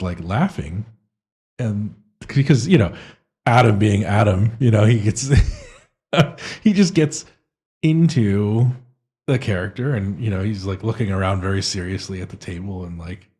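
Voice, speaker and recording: Husky, hesitant man chatting. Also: lowish voice, mellow. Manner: hesitant, self-deprecating, many restarts. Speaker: podcast co-host and game master. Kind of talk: casual chat.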